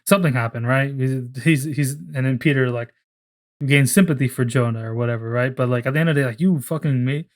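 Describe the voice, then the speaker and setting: A young man in casual podcast talk, rambling as he pitches a story, swearing freely and briefly putting on voices for the characters. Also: brisk. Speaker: podcast co-host.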